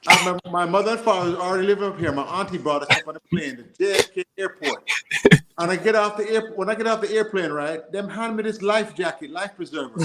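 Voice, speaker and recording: A man from Jamaica with a Jamaican accent mixed with American, telling stories on a call-in show in an animated way and laughing as he goes. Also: high voice, quick pace, background noise. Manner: animated, laughs while telling stories, drifts between patois and American speech.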